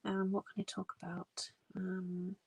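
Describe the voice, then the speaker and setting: A woman's voice: medium pitch, monotone, unhurried, slightly rough, no room sound, rough recording. A young woman hosting a live stream, telling a story in casual chat with many restarts and quoted dialogue.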